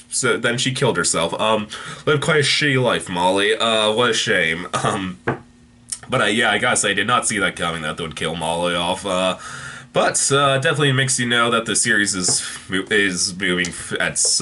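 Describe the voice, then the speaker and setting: A man's voice: lowish voice, bright, forceful tone. A man giving a casual, unscripted TV episode review, rambling with many fillers and restarts.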